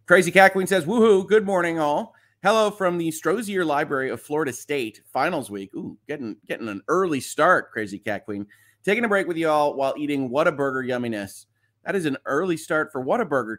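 A Midwestern US man with a mid-range, fairly bright voice hosts a casual morning livestream. He reads viewers' chat messages aloud and chats back, using frequent filler words.

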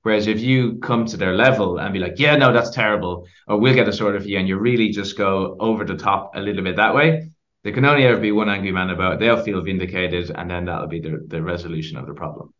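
Podcast guest, male, lowish voice, lively anecdotes, slightly muffled recording. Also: fast. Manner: animated storyteller, many restarts. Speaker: podcast guest, company founder. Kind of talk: casual interview chat.

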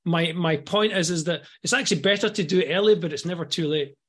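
Earnest Scottish man, higher-pitched. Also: fast, fairly bright tone, husky. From Scotland. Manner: earnest, repeats words when starting a thought. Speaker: guest entrepreneur. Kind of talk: podcast interview.

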